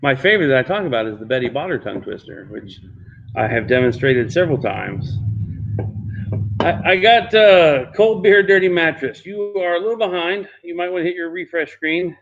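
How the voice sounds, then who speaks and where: A man working as an auctioneer on a livestreamed benefit auction, repeating bid calls in a steady chant and cracking jokes in between. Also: on the high side, normal speed, creaky, highs cut off. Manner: repetitive bid-calling chant with joking asides.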